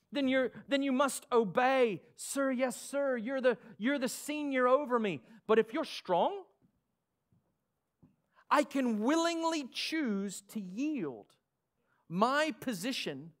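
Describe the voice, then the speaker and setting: Aussie pastor guy preaching, kinda high voice, jokey sarcastic bits. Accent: Australian. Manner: animated preaching with sarcastic asides. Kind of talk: sermon.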